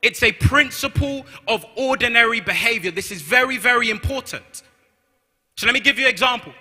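A man with a London accent preaches in an emphatic, repeating style, his voice high and piercingly bright. Long reverb trails off the walls of a large church hall around him. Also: animated, fairly quick. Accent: London English. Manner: emphatic, repeats key phrases, reads scripture aloud. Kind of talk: sermon.

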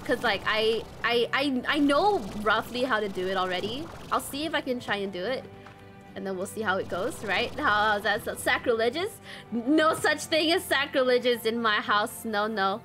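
A young woman from Malaysia streams a game and chats freely with her viewers. Her voice sits high and swoops all over the place. Faint game music plays behind her. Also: lively intonation, normal speed, a bit bright. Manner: chatty, reads chat aloud, swears, squeals at surprises. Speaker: VTuber streamer. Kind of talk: casual game stream chat.

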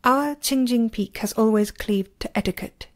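A delicate young girl disciple gives crisp, cutting retorts, as a woman reads her. The delivery stays cool and measured. It is an amateur storybook reading. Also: fairly high pitch, close to an everyday voice. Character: sweet young female disciple turned sharp-tongued.

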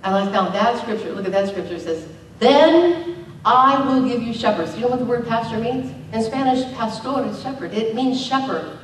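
Woman pastor, conversational sermon, fairly high voice, booming echo, far from the mic. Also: a little fast, slight background noise. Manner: conversational preaching, rising to emphatic outbursts. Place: church sanctuary. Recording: very echoey, distant church recording.

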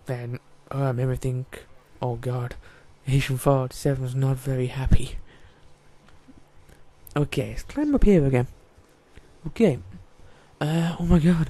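This male voice sits in the middle range and sounds mellow. He's a YouTuber narrating a let's-play in a relaxed, talkative way, joking around and addressing the characters on screen as the game goes on.

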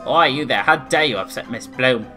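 A man's voice: medium pitch, normal speed, sharp tone, soft background music, pitched below the performer's own voice, natural voice. Man voicing an indignant scolding servant. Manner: bossy, scolding.

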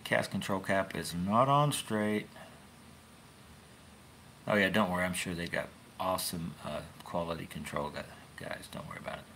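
A man's voice: low voice, measured pace, a bit bright, slight background noise. A man hosting a fishing channel, chatting casually into his phone in a rambling, folksy way with wry asides. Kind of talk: casual rambling livestream chat.

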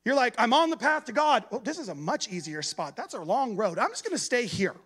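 A man preaching at a church gathering in a lively, conversational way, acting out other people's voices. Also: very high voice, a little fast, husky. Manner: animated, conversational, acts out voices. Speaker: guest preacher. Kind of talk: sermon.

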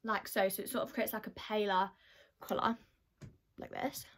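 A teenage girl, a beauty vlogger, chats through her get-ready-with-me makeup routine, packing her speech with "like." Her voice is mid-range and steady, at a moderate pace.

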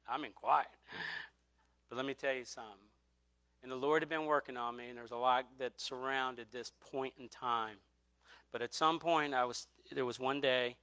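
A man's voice: medium pitch, bright, forceful tone, no room sound. A middle-aged man preaching a sermon, telling a personal testimony earnestly and repeating phrases for emphasis.

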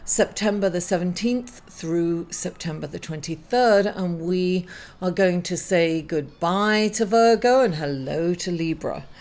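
Halting, apologetic woman reading horoscopes. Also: lowish voice, a little mellow. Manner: emotional, apologetic, halting with many fillers. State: grieving, tearful at times. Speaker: astrology reader. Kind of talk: casual weekly horoscope talk.

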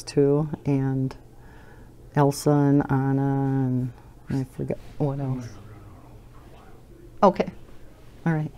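A woman's voice: very deep voice, dark tone. An older woman hosting a coloring channel, chatting at home in a rambling way while she colors, with lots of fillers and fond laughs. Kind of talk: casual chat while coloring.

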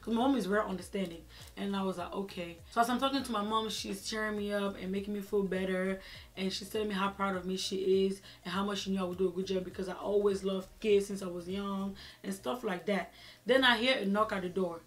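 A woman vlogger telling a personal story in a chatty, animated way, with many fillers. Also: mid-range voice, fast. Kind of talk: casual storytelling.

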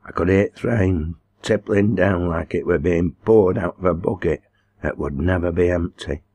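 A man reading as a little villager, solemn and earnest, deep low voice, slow broad dialect, storybook tale. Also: a little mellow, husky.

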